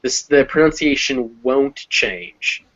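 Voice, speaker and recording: Male English teacher, mid pitch, explains slowly with thinking pauses; slightly dull recording. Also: a bit bright. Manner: explains step by step, pausing to think with many ums. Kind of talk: conversational language lesson.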